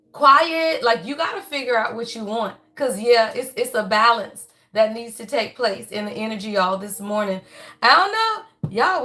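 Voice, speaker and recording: A woman with a somewhat high voice hosts a relaxed astrology livestream. She talks in a chatty, folksy way and keeps turning to her viewers with y'all. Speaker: astrology and tarot reading host. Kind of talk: casual livestream reading.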